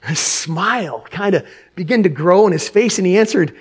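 A man's voice: sits high, moderate pace, slightly rough. A man preaching, telling a story expressively, laughing and getting choked up at times. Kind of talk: animated storytelling sermon.

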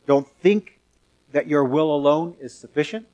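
A man's voice: on the high side, a little slow, a little mellow, lo-fi sound. Earnest man preaching a sermon. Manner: earnest, emphatic, varies pace for effect. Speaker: pastor. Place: church sanctuary.

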